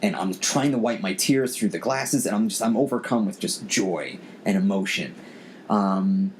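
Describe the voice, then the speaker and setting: A man's voice: on the low side, normal speed, slight background noise. A man hosting a podcast, telling a personal story in an earnest, emotional way and often repeating his words. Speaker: podcast host. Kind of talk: casual storytelling chat.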